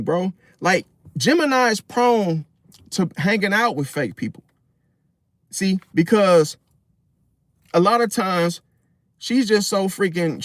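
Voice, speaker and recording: A man's voice: high-pitched, dry recording, studio quality. A man in a casual, rambling monologue about relationships and astrology, slangy and profane, full of fillers.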